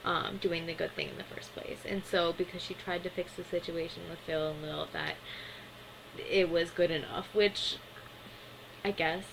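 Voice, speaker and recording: A woman's voice: fairly low pitch, steady tone, moderate pace, vocal fry, background noise. A young adult woman giving a casual, chatty recap of a cartoon episode, full of fillers and small laughs.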